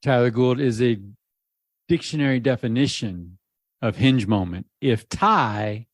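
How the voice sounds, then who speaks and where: A man's voice: medium pitch, unhurried, dry recording, clean studio sound. A man hosting a podcast, chiming in with quips and asking questions in an upbeat way. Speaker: podcast host. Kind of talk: casual interview chat.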